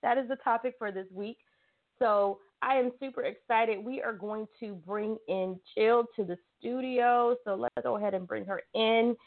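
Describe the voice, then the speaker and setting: A South Carolina woman with a Southern US accent hosts a casual talk show, chatting and teasing as she speaks directly to her listeners. Her voice is on the high side with fairly even intonation at a moderate pace, and the sound is phone quality.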